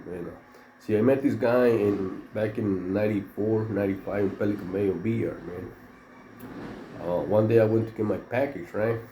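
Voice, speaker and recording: Gravelly middle-aged man. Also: low-pitched, dark tone. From Mexico. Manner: rambling, full of slang and "you know, man" fillers. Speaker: former prison inmate. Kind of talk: casual storytelling. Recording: roomy echo with faint background noise.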